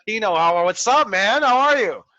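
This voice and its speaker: A man coaching a wrestling class over a video call, telling stories in an animated, profane way. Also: high-pitched, normal speed, lo-fi sound, a crowd in the background. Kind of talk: online class, casual coaching talk.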